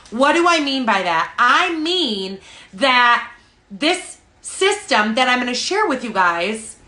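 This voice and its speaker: Female sales coach, high bright voice, casual emphatic delivery, roomy echo. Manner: chatty, emphatic, many "like" and "okay?" tags. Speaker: social selling coach. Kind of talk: motivational group talk. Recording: echoey room.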